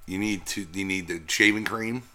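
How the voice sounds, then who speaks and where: A man's voice: on the low side, steady tone, moderate pace, bright, forceful tone. A man co-hosting a podcast, telling stories in a laid-back way and swearing often. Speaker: podcast co-host. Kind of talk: casual chat.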